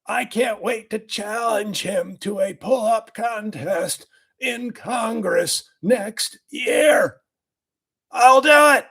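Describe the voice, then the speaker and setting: A man doing a comedic impression of a boastful, cranky older male health official, with a raspy, strained voice, rambling and bursting into shouts. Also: high-pitched, slow pace, heavily acted.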